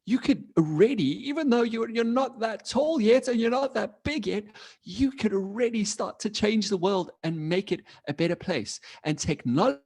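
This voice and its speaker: A man's voice: expressive, moderate pace, a little mellow, husky. Male teacher, online kids' class, upbeat and encouraging, slightly raised voice, computer mic. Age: adult. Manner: upbeat, encouraging, with playful pitch jumps. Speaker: coding teacher. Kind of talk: live online lesson for young children.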